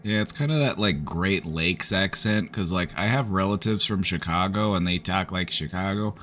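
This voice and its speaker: A man's voice: deep voice, normal speed, a bit bright, faint music behind. A man chatting casually on a live stream, rambling with lots of fillers. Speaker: streamer offering support.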